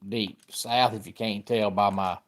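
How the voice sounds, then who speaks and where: A man's voice: lowish voice, fairly even intonation, unhurried. A middle-aged man from Georgia with a Southern accent, hosting a casual live-stream sports talk and greeting viewers by name. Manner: chatty, greets viewers by name while discussing football.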